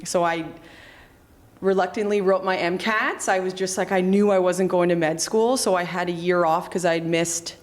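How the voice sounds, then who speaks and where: Chatty woman chiropractor, lowish voice. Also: fairly even intonation, normal speed. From Canada. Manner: chatty, many fillers and restarts, acts out quoted lines. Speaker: chiropractor and clinic founder. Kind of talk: casual interview conversation.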